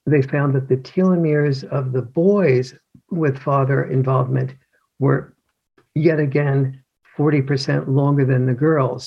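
A man's voice: mid-range voice, creaky, breathy edge, dull audio. An older man, an author and guest, explaining in a conversational way with many restarts and acted-out scenes. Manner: hesitant, full of restarts, acts out scenes.

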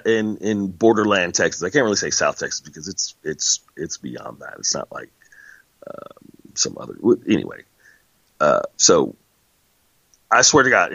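A low-pitched man rambles through a casual monologue, loose and chatty, stopping to correct himself. The sound is dry and close, with a dull, lo-fi band. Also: pushed and bright, no echo.

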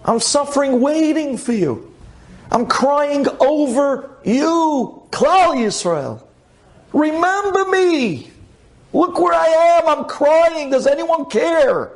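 A man voicing God as a grieving, lonely father who pleads slowly to be remembered. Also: extremely high pitch, expressive, voice pushed up, heavily acted. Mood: pleading. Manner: pleading, drawn-out, slow.

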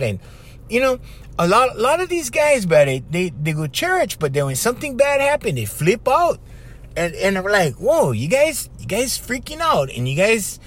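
A middle-aged man from Hawaii with a Hawaiian Pidgin accent, hosting a casual motivational podcast and chatting straight to his listeners. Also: a little high. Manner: animated, chatty, addresses listeners directly with 'bruh' and 'right?'. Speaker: podcast host.

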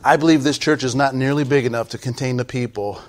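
A man preaching a sermon as pastor, swinging from quiet pleading to loud shouting. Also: medium pitch, steady tone, fast.

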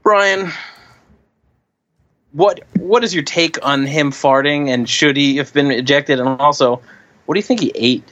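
A man's voice: fairly high pitch, normal speed, a bit bright, muffled recording. A man co-hosting a comedy podcast, telling stories in a wry, casual way. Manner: storytelling, wry. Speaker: podcast co-host.

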